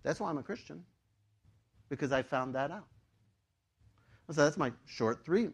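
A man preaching a sermon to his congregation in a conversational, animated way, with frequent fillers. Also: fairly high pitch, a little slow, slightly rough. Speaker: pastor.

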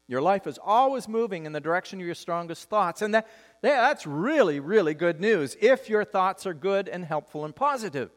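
A man preaching a sermon as pastor, lively and joking, with wide swings in pitch. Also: moderate pace, in a large hall.

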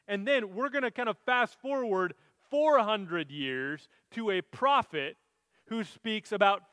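Pastor, male, high voice, earnest sermon delivery, dry close sound. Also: fairly bright tone, no echo. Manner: earnest, reads scripture aloud then explains it.

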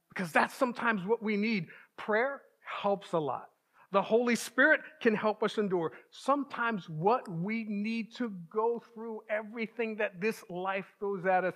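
A man with a voice pitched well above most men delivers a sermon in a relaxed, conversational way. He sounds earnest and plain-spoken, and he keeps checking in with his listeners as he explains. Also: normal speed. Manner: informal, earnest, asks the listeners "right?". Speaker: preacher.

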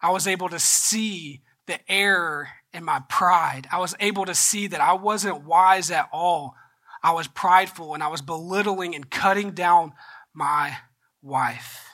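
A male pastor preaching a sermon, telling a personal story and often going soft and choked up before rising into earnest exhortation. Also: high-pitched, a little slow.

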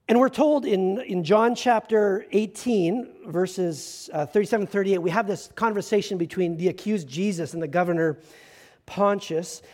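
A man, a pastor, giving a conversational sermon with self-deprecating humor and slow, emphatic stresses. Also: high voice.

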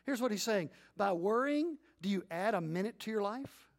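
A middle-aged man preaching a sermon as pastor, telling stories with lively acted-out scenes and leading the congregation in responsive reading. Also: sits high, moderate pace, gravelly. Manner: animated storytelling, acts out scenes, sudden loud bursts.

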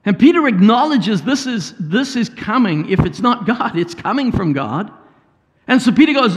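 A man's voice: high voice, sing-song, normal speed. A man, a pastor, preaching a sermon and retelling a story with asides and paraphrased quotes. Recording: hall reverb.

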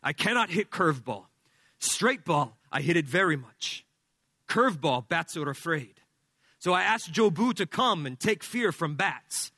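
A man voicing a superstitious male ballplayer, with a put-on Spanish-tinged accent and halting broken English. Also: a little high, lively intonation, pushed and bright, husky, no room sound, full character voice. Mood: earnest. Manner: halting, simple phrasing.

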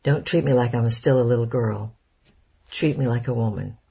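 A proud, hot-tempered young woman, read by a man in an audiobook, snapping back with sharp, defiant retorts. The voice stays gravelly and husky, with a dark tone. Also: medium pitch, normal speed. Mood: angry.

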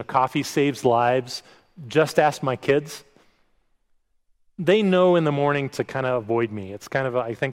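Conversational male pastor in a reverberant hall. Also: mid-range voice. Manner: conversational, self-deprecating, frequent restarts and quoted asides. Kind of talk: sermon.

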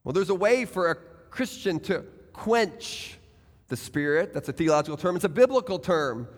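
A man's voice: high voice, animated, moderate pace. A man preaching a sermon as pastor, speaking earnestly and putting direct questions to his congregation. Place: church sanctuary. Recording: church hall with long reverb.

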